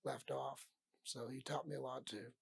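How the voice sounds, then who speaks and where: Middle-aged coach guy, gravelly husky voice, tells stories and does his coaches' lines. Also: mid-range voice, moderate pace. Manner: animated storyteller acting out his coaches' lines. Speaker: podcast guest, wrestling coach. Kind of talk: storytelling in casual interview.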